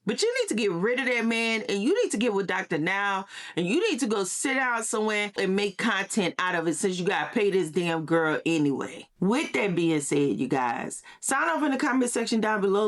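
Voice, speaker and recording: A woman talking in a sassy, emphatic commentary style, often repeating her points. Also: medium pitch. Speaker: social media commentator. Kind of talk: casual gossip commentary.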